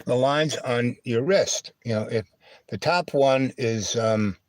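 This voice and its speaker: A man's voice: medium pitch, slow pace. A man in the middle of his voice range, spinning a loose, wandering anecdote for his live stream. He doubles back and digresses as he goes. The sound is dry and close, with no room echo. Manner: meandering, digressive, full of asides. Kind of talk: rambling personal storytelling.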